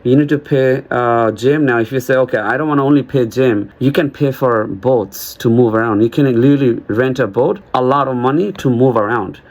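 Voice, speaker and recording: A man's voice: medium pitch, brisk, hardly any pauses, a little mellow. A man vlogging in a rambling, joking monologue who acts out little dialogues as he goes. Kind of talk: casual monologue to camera.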